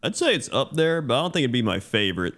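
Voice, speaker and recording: A man's voice: medium pitch, very animated, fast, fairly bright tone. A man co-hosting a podcast in casual chat, laid-back and rambling, laughing often. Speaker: podcast co-host.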